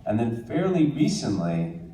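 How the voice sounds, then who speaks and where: Speaking with a warm, medium-pitched voice that's very animated yet measured in pace, a New Jersey man fields fan questions as a guest actor at a convention. He keeps the Q&A casual, teasing, joking, and laughing a lot, recorded from a distant mic in an echoey hall full of audience noise.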